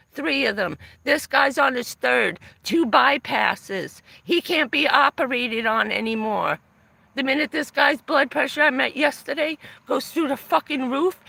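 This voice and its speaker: Filmed on a phone in a van, a woman delivers an angry live-stream rant packed with swearing, sounding aggravated, furious and aggrieved. Her high voice is gravelly and husky, pushed and bright, and the recording is dry.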